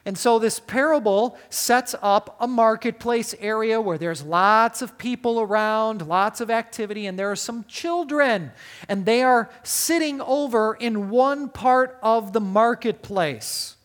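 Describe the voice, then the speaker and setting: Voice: mid-range voice, a little slow. Preacher in mid-range voice, emphatic sermon delivery, keeps quizzing the congregation. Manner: asks the listeners frequent rhetorical questions; emphatic, with wide swings in loudness. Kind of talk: sermon on a Bible passage.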